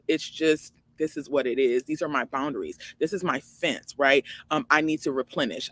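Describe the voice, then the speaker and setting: A woman in her forties hosting her own online show, giving an emphatic, preachy motivational faith talk full of rhetorical questions. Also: no room sound. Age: 40s. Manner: jumps high and loud for emphasis.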